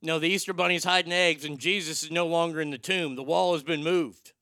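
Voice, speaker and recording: A man's voice: on the high side, fairly even intonation, fairly quick, pushed and bright, no room sound, studio quality. A man hosting a talk show, riffing in casual, irreverent, joking banter.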